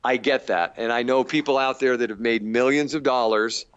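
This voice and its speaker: A middle-aged actor talking casually in an interview, self-deprecating and animated when he quotes others. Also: mid-range voice, normal speed, clear, resonant tone, no echo, lo-fi sound.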